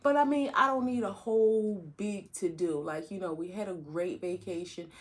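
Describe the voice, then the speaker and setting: A woman's voice: mid-range voice, normal speed. A woman co-hosting a podcast, chatting candidly with her husband and laughing often. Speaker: podcast co-host. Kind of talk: casual chat.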